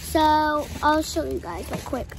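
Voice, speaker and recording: A young speaker chatting excitedly to viewers while filming on her mom's phone. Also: high-pitched, unhurried, creaky. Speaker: vlogger's daughter. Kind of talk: casual vlog chat.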